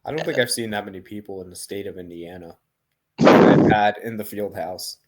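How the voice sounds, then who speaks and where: A man co-hosting a casual sports podcast, giving relaxed, analytical breakdowns. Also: fairly low pitch, brisk, very noisy. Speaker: podcast co-host.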